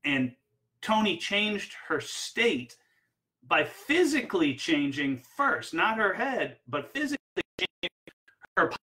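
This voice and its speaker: Male ski coach, bright, slightly high voice, energetic storyteller with lots of fillers. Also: measured pace, rough recording. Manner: energetic, anecdotal, with frequent fillers. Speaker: barefoot water ski coach. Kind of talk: instructional talk with personal stories.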